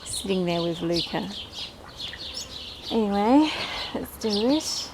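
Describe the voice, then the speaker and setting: A woman's voice: medium pitch, expressive, slow pace, noisy background. A woman chatting casually to camera about her poultry in a backyard, talking to her birds as she goes. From Australia. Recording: outdoor recording with loud birdsong.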